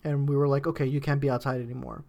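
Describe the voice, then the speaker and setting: A man's voice: mid-range voice, flat delivery, very fast, creaky, mellow. A man recounting events in easygoing casual chat.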